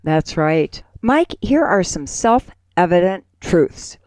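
Woman, radio co-host, playful joke teller, lively melodic voice, dry close sound. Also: on the low side, slow pace, no echo. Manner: playful, laughs easily. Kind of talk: casual chat and joke telling.

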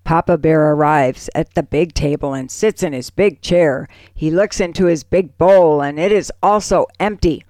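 A woman's voice: sits low, moderate pace, hardly any pauses, dark tone, no echo. A woman co-hosting a small radio program, reading stories aloud expressively. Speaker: radio co-host. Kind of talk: radio show chat and reading.

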